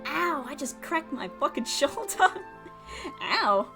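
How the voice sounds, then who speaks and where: A young woman chats casually with viewers while she draws on stream. Her voice sits slightly high and rises and falls a lot. She talks at an unhurried pace and giggles often. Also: sing-song, pushed and bright, soft background music. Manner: chatty, giggly, talks to chat.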